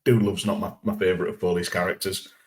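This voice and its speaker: A man guesting on a casual podcast, giving dry, measured opinions. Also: low-pitched, little pitch movement.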